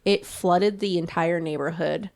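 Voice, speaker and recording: A woman's voice: fairly low pitch, steady tone, unhurried, gravelly, darkish tone. A woman co-hosting a podcast, telling a history story in casual chat, peppered with swearing, fillers and laughs. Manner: swears freely and laughs often, many "like" fillers. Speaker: podcast co-host.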